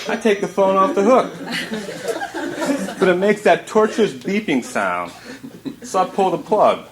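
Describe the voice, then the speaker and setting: A man's voice: sits high, lively intonation, unhurried. A man performing a comic spoken-word monologue at a bookshop reading, drawling wryly and chuckling through his lines. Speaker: performance poet. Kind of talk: live spoken-word storytelling. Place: bookshop reading before an audience. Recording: roomy 1980s live recording with faint hiss.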